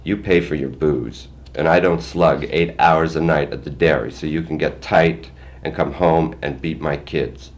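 A man's voice: rumbling low, unhurried, few pauses. A man voicing a firm, protective mother. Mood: stern. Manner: firm and steady, soft with the children.

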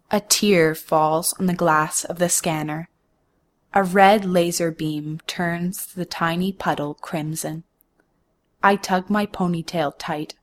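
A young woman telling a first-person story, her voice low and her delivery slow and deliberate. Each detail is placed carefully, with a measured calm. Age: young adult. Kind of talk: first-person narrated monologue.

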